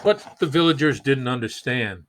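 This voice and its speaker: A man, a pastor, reading a picture book aloud slowly and gently, with chatty asides to the children. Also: mid-range voice, lively intonation, slight background noise.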